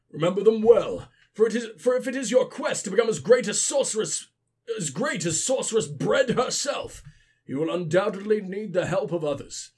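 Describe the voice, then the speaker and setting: A sick man reading game lore aloud in an old male scholar voice, slow and solemn. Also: high-pitched, husky, heavily acted.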